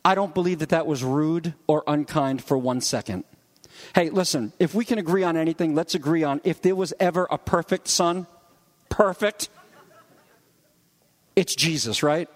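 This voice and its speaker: Male pastor, conversational sermon, slightly high voice, animated delivery. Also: normal speed, in a large hall.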